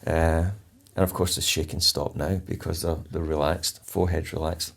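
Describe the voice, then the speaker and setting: A man with a very low voice speaks as an interview guest. His tone has a gravelly fry, and he tells his story in a calm, deliberate way, leaning on key words. He acts out his own instructions as he goes. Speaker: polar explorer and charity founder, interview guest.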